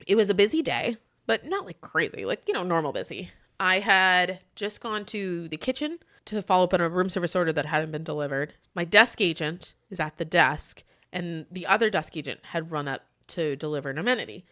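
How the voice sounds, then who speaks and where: A woman's voice: fairly low pitch, a little fast. A woman who manages a hotel front desk, telling a story in a casual chat, laughing often and acting out the people she quotes. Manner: animated, laughs often, acts out quoted dialogue.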